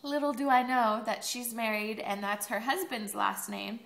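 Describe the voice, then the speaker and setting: Young college girl rambling into her video diary, kinda high voice, echoey room. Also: normal speed, gravelly, a bit bright. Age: young adult. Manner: chatty, rambling, sarcastic asides. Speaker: college student vlogger.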